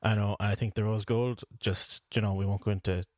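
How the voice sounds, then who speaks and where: A man's voice: fairly low pitch, little pitch movement, a little fast, a little mellow, no echo, studio quality. A man co-hosting a podcast in casual chat, rambling with lots of fillers and restarts. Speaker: podcast co-host.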